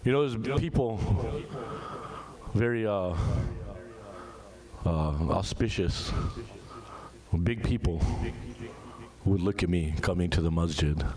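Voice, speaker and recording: A man's voice: animated, slow, long pauses, a crowd in the background. Impassioned man giving a sermon. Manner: impassioned, rising to high pleading pitch in retold prayers; casual, conversational asides to the audience. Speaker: majlis speaker. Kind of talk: emotional religious sermon.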